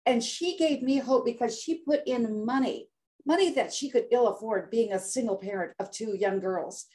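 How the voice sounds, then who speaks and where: A woman's voice: on the high side, normal speed, dark tone. An older woman telling her story as a podcast guest, dramatic and emphatic, repeating words for effect. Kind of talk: interview storytelling.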